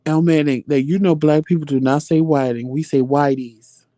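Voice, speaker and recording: A man's voice: a little high, moderate pace, no echo. Brief chatty profane man hosting a live chat. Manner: animated, profane, laughing storyteller. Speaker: livestream chat host. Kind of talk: casual live chat answering viewer comments.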